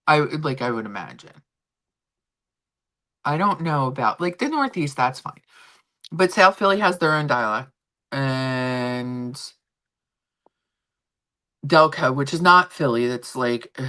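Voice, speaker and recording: A woman's voice: a bass voice, lively intonation, slow, long pauses, fairly bright tone. A middle-aged woman with a Philadelphia accent from Kensington, rambling in casual chat as host of her own show. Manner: rambling, chatty, talks to her pets mid-stream. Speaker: vlog host.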